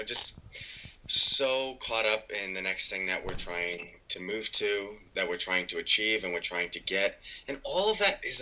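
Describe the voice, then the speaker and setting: A man's voice: deep voice, sharp tone, poor audio. A man, a meditation author and podcast guest, explaining in casual chat and acting out the inner voices of his stories.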